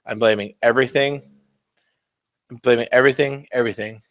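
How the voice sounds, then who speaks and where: A man's voice: mid-range voice, steady tone, fairly quick, fairly bright tone, muffled recording. A man hosting a casual miniature-painting livestream, rambling and swearing in a self-mocking way as he talks to viewers. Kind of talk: casual live-stream chat while painting.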